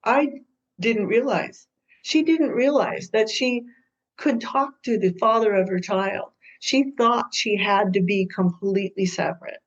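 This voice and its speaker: A woman guest who works as a co-parenting mediator tells stories in an interview, acting out the people in them with lively, hesitant speech. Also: mid-range voice, a little slow. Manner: lively storyteller who acts out quoted people. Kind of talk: storytelling interview answers. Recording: dull lo-fi sound.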